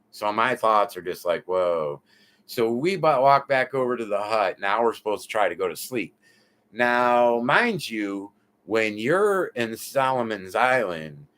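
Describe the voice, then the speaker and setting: A man from the United States, a guest in an interview, telling his story in an animated, casual way. He swears freely and keeps adding "you know what I mean" asides. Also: fairly low pitch. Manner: animated, profane, lots of filler asides.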